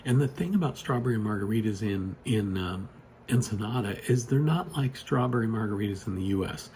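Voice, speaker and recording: A man's voice: lowish voice, lively intonation, brisk, a little mellow, a little hiss or hum. A man telling a story in a casual, rambling way, full of "you know" and restarts, recorded on a phone at a desk. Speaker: storyteller vlogger. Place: home desk with computer monitors.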